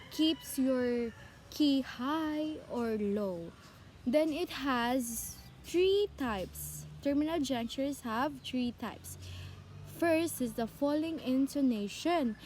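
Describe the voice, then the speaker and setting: Woman presenter, high voice, unhurried, walks through examples and answers her own questions. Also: a little mellow, a little hiss or hum. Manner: repeats examples, asks questions and answers them herself. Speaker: presenter explaining speech skills. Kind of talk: informal classroom explanation.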